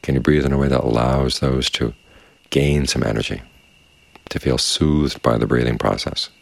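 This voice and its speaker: Very deep gravelly calm meditation teacher. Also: male voice, no room sound. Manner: calm, measured, unhurried. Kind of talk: dharma talk. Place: quiet meditation space with crickets outside.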